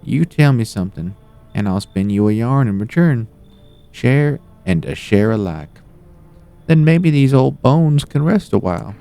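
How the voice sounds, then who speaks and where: A man's voice: mid-range voice, expressive, a little slow, gravelly, mellow, smooth, pitched above the performer's own voice. A man voicing an elderly, chatty grandmotherly woman who folksily calls everyone dearie, reading game dialogue on a live stream. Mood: sweetly rambling.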